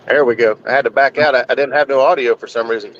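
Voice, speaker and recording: A man's voice: mid-range voice, fairly even intonation, a bit bright, a little hiss or hum. Man on a muffled phone audio. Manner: easygoing, slightly halting. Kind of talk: casual chat. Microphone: phone held to face in a car.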